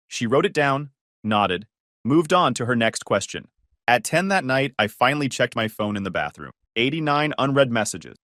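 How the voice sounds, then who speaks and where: Expressive male storyteller, dry sound. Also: medium pitch, normal speed, no echo. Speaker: story narrator. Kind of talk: first-person story narration.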